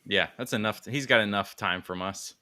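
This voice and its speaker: A man's voice: fairly low pitch, normal speed, clear, resonant tone. A man co-hosting a casual livestream chat, wisecracking and reading out chat names. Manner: lively, wisecracking, reads chat names aloud. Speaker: co-host.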